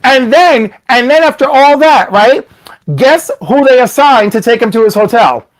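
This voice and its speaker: This man's voice is very high-pitched and moves at a moderate pace, though the audio is poor. Hosting a laid-back stream, he tells chatty stories and animatedly performs the voices of their characters.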